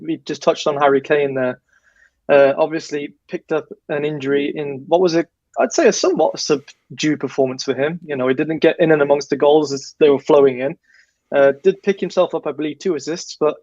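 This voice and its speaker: A man hosting a casual football chat, talking in a measured, slightly hesitant way. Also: on the high side, darkish tone, dry recording. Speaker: show host. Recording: dull, dry lo-fi sound.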